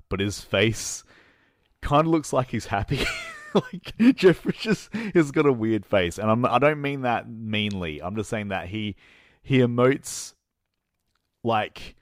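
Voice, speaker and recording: A man co-hosting a casual movie chat, telling the plot in a halting, rambling way with lots of fillers and restarts, laughing at his own jokes. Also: lowish voice, no echo, studio quality. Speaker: podcast co-host reviewing movies.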